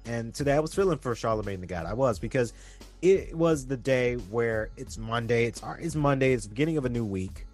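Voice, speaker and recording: Young man, casual advice monologue, earnest, repetitive, animated pitch. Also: a little fast, faint music behind. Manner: earnest and preachy, repeats himself often. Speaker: vlogger giving relationship advice.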